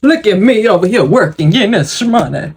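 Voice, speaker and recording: A woman's voice: medium pitch, expressive, a little fast, creaky, darkish tone, husky. A woman hosting her own video channel in a casual, dramatic monologue, outspoken and full of profanity. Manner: self-affirming, outspoken. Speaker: YouTube host.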